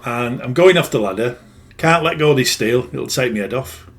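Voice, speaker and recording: In a casual, rambling monologue, a middle-aged spiritual healer speaks plainly at a mid-range pitch and a moderate pace. His intonation is lively, and he keeps correcting himself as the story goes on.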